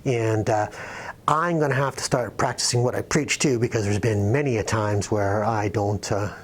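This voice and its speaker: A man's voice: lowish voice, steady tone, normal speed. A man telling a rambling, self-deprecating story as host of his painting channel. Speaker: wildlife painter telling an anecdote. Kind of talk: casual storytelling.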